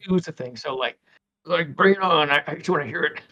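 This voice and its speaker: Fifty-something male guest, slightly high voice, rambling casual chat over dull lo-fi call audio. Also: brisk, sharp tone. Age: 50s. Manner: rambling, with many restarts. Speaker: guest animator.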